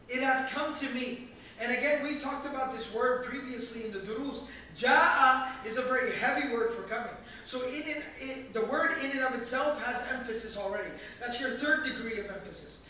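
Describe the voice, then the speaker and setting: A man's voice: very high-pitched, normal speed, bright, forceful tone, slight background noise. A man giving a Quran commentary lesson, explaining earnestly and with strong emphasis, reciting Arabic verses between his explanations. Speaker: Islamic teacher. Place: large echoey mosque hall. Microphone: camera recording from a distance. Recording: echoey hall, distant camera, faint ambience.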